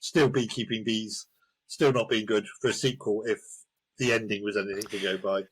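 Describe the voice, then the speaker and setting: A man's voice: lowish voice, fairly even intonation, normal speed, slightly rough, low-quality recording. A man reviewing a film on a podcast, wry and dryly sarcastic as he gives his verdict. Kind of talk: casual film review chat.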